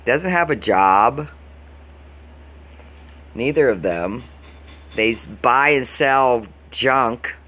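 Fed up and cursing constantly, a Florida vlogger vents his complaints straight to the camera. His mid-range voice is bright and forceful, and he drags out words and pauses often amid the profane, exasperated ranting.

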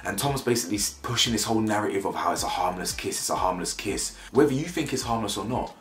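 Young man, low voice, slang-heavy opinionated recap, roomy echo. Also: quick pace. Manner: animated slang-heavy banter, mocking impressions. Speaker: reality show reviewer.

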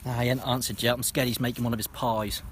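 A man, co-host of a metal detecting vlog, telling mock-excited silly stories out in a field. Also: medium pitch, quick pace, a little hiss or hum. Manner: lively mock-excited storytelling. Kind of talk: jokey banter. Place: open field outdoors.

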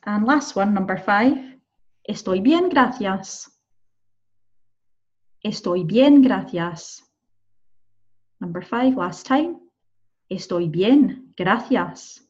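A woman's voice: mid-range voice, lively intonation, slow, pauses often, darkish tone, highs cut off. Encouraging woman teaching Spanish. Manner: encouraging, checks in with "okay?" and "right?". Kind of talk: online language lesson.

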